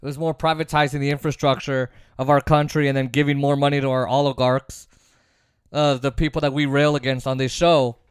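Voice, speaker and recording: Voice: mid-range voice, level tone, brisk, clear, resonant tone, no echo, studio quality. A political commentary host giving a sarcastic, opinionated monologue, repeating points for emphasis. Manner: sarcastic, mocks opponents in put-on voices.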